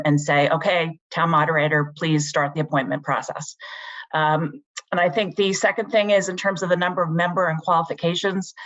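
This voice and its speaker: Eager fast-talking woman on a muffled call. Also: on the low side, fairly bright tone. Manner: quick, eager, self-correcting. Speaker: resident giving public comment. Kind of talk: prepared public comment on a video call. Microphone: video call. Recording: dull lo-fi call audio.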